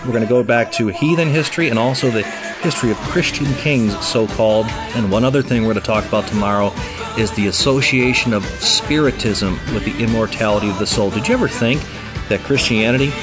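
A man, a father of a young child, gives an emphatic and animated Bible teaching and retells conversations. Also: on the low side, brisk, music in the background.

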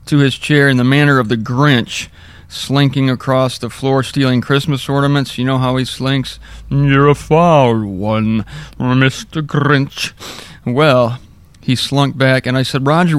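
A man's voice: medium pitch, a bit bright, clean tone, no room sound. A man teaching a Bible lesson, reading verses and dropping wry, chatty asides between them. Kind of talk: informal scripture teaching.

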